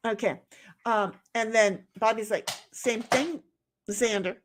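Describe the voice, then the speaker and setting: A woman's voice: fairly high pitch, takes it slowly. A woman with a Southern US accent hosting a livestream, reading chat messages aloud in a casual, blunt, rambling way, swearing freely and trailing off mid-sentence.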